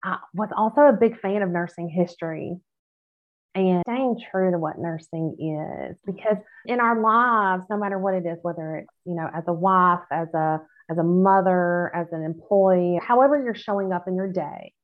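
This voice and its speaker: Earnest nurse lady on a podcast, kinda low voice, sounds like a phone line. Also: moderate pace. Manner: earnest, faith-centered, emphatic. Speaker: nurse guest. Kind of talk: casual podcast conversation.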